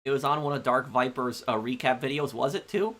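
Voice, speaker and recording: A man live-streaming a game, chatting casually with viewers in a rambling, halting way full of ums and restarts. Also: mid-range voice, fairly bright tone. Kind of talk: casual chat answering viewers.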